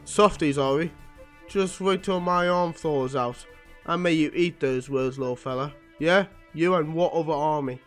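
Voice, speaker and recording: A man reading a comic aloud, voicing a gruff, hairy young male brawler who grumbles and snaps. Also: on the high side, measured pace, faint music behind, natural voice. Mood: grumbling. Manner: grumbling, testy.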